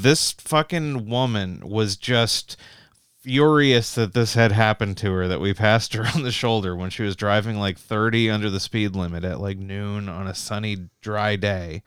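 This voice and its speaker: A man's voice: on the low side, fairly bright tone, clean tone, no room sound, studio quality. A young Canadian man telling long, rambling road stories in casual chat, swearing freely and full of "like" and restarts.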